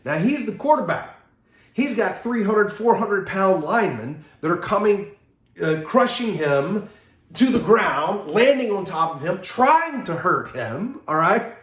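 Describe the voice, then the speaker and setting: A man giving a seminar talk, telling lively anecdotes with chuckles and acting out what people said. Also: high-pitched, measured pace, echoey room. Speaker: seminar speaker.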